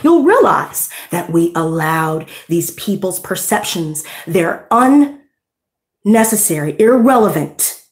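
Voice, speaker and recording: A woman's voice: fairly low pitch, sing-song, slow, roomy sound. A woman giving a tarot reading, ranting bluntly and heatedly with lots of profanity. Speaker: tarot reader. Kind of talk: unscripted tarot reading rant.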